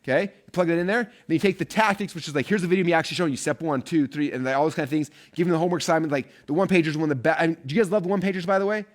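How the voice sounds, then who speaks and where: A man teaching a live online marketing course at a rapid clip, his voice sitting a bit high. He talks with chatty energy and keeps checking in with "right?" and "okay?".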